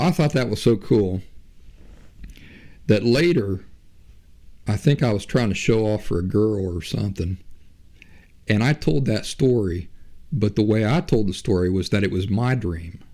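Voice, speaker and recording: A man with a lowish, mellow voice hosts a podcast, telling a story in a loose, chatty way. It's casual spoken storytelling.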